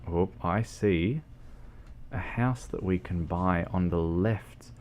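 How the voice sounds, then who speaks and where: A man's voice: low voice, takes it slowly, darkish tone. A man, talking loosely on a livestream at a home setup. He wanders through his thoughts with lots of ums and restarts, and pokes fun at himself. A faint hum of ambience sits behind him. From New Zealand. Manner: rambling, hesitant, many fillers and restarts; self-deprecating, joking. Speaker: game streamer. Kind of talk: casual livestream chat while driving in a game.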